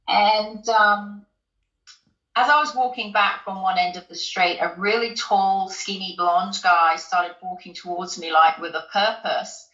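Woman, from the UK, interview guest, chatty storytelling, hesitant ums, bright voice, roomy echo. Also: medium pitch, steady tone, measured pace. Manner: chatty, many ums and restarts, laughs often. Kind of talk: personal storytelling in conversation. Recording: roomy, slightly dull recording.

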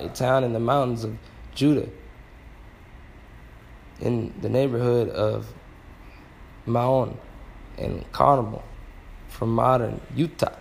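Casting note: unhurried man, mid-pitched voice, faint background hiss, musing teacher type. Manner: slow, exclaims wow, sounds out words. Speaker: Bible word-study teacher. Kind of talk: casual Bible word study.

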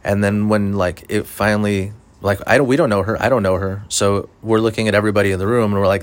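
A man's voice: on the low side, fairly even intonation, fast, hardly any pauses. A man, a stand-up comedian, telling a story in a rambling, profane, casual way with lots of fillers.

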